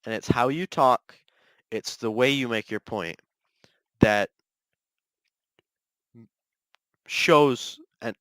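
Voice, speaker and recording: A man's voice: on the low side, a bit bright, dry recording. A man hosting a solo podcast, ranting in a restless, self-correcting way. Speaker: podcast host.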